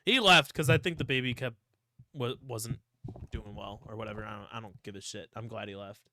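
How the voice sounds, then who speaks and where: Against a noisy background, a young Ohio man co-hosting a podcast talks fairly quickly in a lowish voice. He chats casually, rambling through stories and swearing often.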